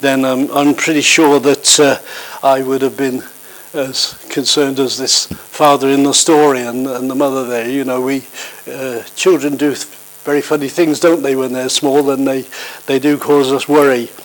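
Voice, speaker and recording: A man's voice: mid-range voice, flat delivery, normal speed, low-quality recording. A middle-aged man preaching and telling a story in a conversational, hesitant way, full of fillers. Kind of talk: sermon with an anecdote.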